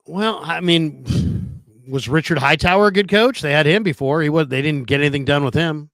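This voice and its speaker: A man's voice: a little high, normal speed, creaky, a bit bright, dry recording. A man co-hosting a casual sports talk show, arguing his points with pointed questions and frequent restarts over a remote call. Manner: argumentative, questioning, many restarts. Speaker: podcast co-host.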